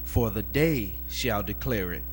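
A man reading scripture aloud in a slow, measured way during a sermon. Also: fairly low pitch, lively intonation, slight background noise. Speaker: scripture reader.

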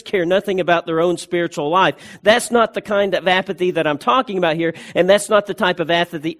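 A man preaching a sermon as pastor, emphatic, repeating key phrases and restarting words as he goes. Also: high-pitched.

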